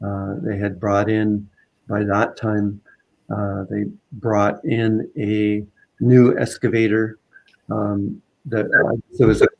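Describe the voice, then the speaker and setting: A man with a low, gravelly voice tells a story as a guest in a relaxed conversation. He speaks in halting, unpolished phrases, circling back with "uh" and restarts as he finds his words. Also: lo-fi sound. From Southern Vancouver Island, Canada. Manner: halting, many fillers and restarts.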